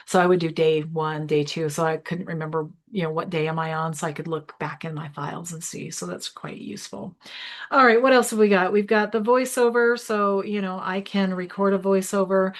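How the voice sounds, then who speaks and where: A woman instructor giving a live online tutorial, chatty and explaining step by step as she clicks through an app. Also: fairly low pitch. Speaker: small business workshop instructor.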